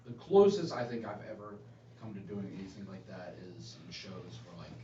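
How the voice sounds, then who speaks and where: Animated man, echoey distant room. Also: low-pitched, normal speed, lo-fi sound, very noisy. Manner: animated, jokey. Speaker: player. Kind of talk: casual chat between game sessions.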